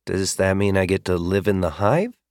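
A man's voice: deep voice, animated, moderate pace, darkish tone, no room sound, clean studio sound. A man voicing Arthur, a young boy who talks politely and warily, in an audiobook. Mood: wary. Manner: guarded, polite. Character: young boy, wary and cautious. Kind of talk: audiobook character voice.

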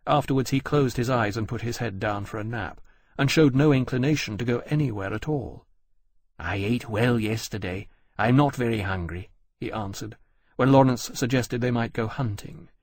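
A man narrating an audiobook in a measured, descriptive storytelling manner. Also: medium pitch, darkish tone, slightly rough, no room sound, studio quality. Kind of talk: scripted narration.

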